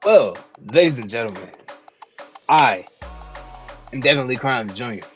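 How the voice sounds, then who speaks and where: A man's voice: medium pitch, animated, measured pace, faint music behind. A man co-hosting a casual chat podcast, rambling with lots of filler phrases. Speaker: podcast co-host.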